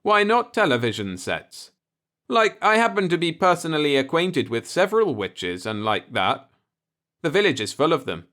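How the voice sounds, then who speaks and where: Guy putting on a cocky young beatnik repairman, talks in hip slang, higher and louder than his own voice, storybook reading. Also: big pitch swings, moderate pace. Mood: confident. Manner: hip slang, confident drawl.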